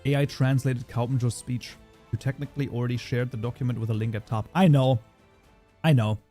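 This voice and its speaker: Soft background music plays as this modding streamer, originally from Germany and speaking with a German accent, works through a casual livestream tutorial. His steady, mellow mid-range voice is a little fast, and he chats, reading viewer messages aloud and answering them.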